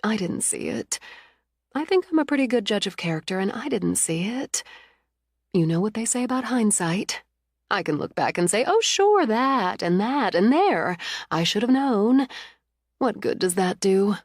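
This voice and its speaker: A woman's voice: medium pitch, sing-song, normal speed, dry recording. A woman voicing a loving, protective middle-aged mother who is fiercely indignant on her daughter's behalf, read in an audiobook with a dry, close sound. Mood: reflective. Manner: warm, soothing, indignant.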